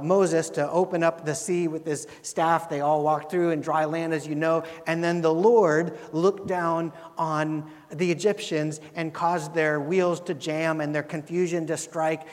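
A man preaching a sermon, earnest, often repeating words and swelling louder for emphasis. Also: fairly high pitch, steady tone, a little slow. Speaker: pastor. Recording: long reverb of a large hall.

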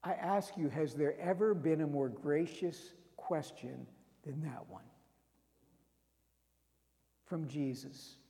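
Man, high voice, slow deliberate preaching, dramatic storytelling, echoing church hall. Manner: dramatic, swings from loud to hushed. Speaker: pastor. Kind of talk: sermon storytelling. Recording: long reverb of a large hall.

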